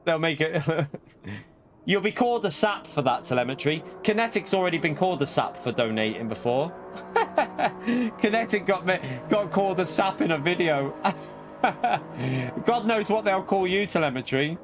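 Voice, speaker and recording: A British man with a high voice streams a racing game live at normal speed over music. He chats excitably to viewers, laughs a lot, and swears when something shocks him.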